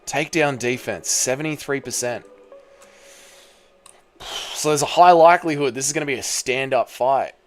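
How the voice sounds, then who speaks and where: A man's voice: mid-range voice, normal speed, long pauses, faint music behind. A man with an Australian accent who streams live, chatting casually with his viewers and swearing freely. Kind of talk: casual livestream reaction chat.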